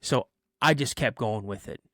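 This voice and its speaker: A man telling a personal story on a podcast in casual chat, animated and acting out the voices in it, with plenty of "you know" fillers. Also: mid-range voice, moderate pace, no echo, clean studio sound. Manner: animated, acts out voices in his stories. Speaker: podcast guest.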